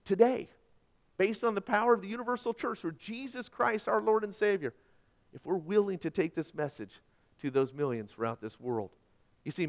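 A middle-aged man preaching a sermon as pastor, emphatic and repetitive, moving between loud and quiet. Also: a little high.

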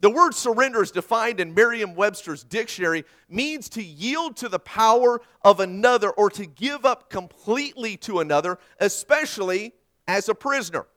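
A male pastor giving an earnest sermon, asking rhetorical questions and swinging between loud and soft. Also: high voice, lively intonation, moderate pace.

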